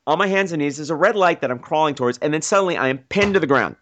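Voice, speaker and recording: Lively, animated male storyteller. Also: a little high, rapid-fire, slight background noise. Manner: excitable, self-mocking, acts out quotes. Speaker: podcast host.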